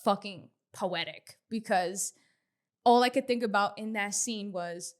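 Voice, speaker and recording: A woman's voice: medium pitch, measured pace. A woman co-hosting a casual podcast, recapping a reality show in profane, slangy talk with frequent laughs. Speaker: podcast co-host.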